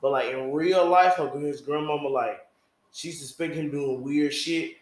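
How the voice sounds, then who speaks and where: A man's voice: a little high, fairly even intonation, unhurried. A man co-hosting a casual podcast chat, rambling with lots of filler words. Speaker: podcast co-host. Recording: echoey room.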